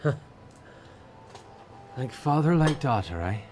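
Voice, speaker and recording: A man voicing a bitter, heartbroken young woman fighter in a tabletop game, speaking softly with a shaky, near-whispered voice. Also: medium pitch, animated, slow pace, slight background noise, pitched above the performer's own voice. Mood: wry. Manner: soft trembling voice, near whisper.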